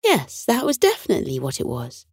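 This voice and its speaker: A woman reading a scripted bedtime story for children in a soothing, expressive way. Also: on the low side, fairly quick, breathy edge, no room sound, studio quality.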